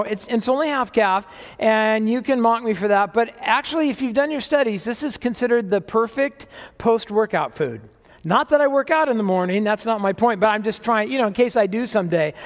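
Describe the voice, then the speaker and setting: A man's voice: high-pitched, long reverb tail. A man preaching a sermon as pastor, chatty and self-mocking, with joking asides. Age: older. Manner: conversational, self-deprecating humor.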